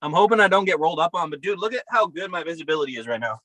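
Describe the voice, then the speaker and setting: A man's voice: on the high side, expressive, rapid-fire, bright, forceful tone, no echo, poor audio. A man co-hosting a podcast over a video call from his camper, talking in a profane, upbeat, rambling way. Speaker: podcast co-host. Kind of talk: casual chat. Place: camper by a river outdoors.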